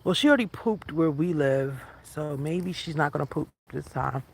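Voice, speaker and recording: A woman vlogging casually while walking outdoors, chatty and quick to laugh, talking to her dog along the way. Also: low voice, gravelly, breathy edge. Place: outdoors on a residential street.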